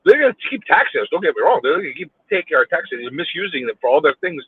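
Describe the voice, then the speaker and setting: Brief: New York guy venting behind the wheel, high lively voice, husky, phone-quality sound. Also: fast. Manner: exasperated, repetitive, rhetorical questions, swears. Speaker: vlogger ranting while driving. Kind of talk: angry road rant. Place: in a car in city traffic. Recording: tinny phone-like audio.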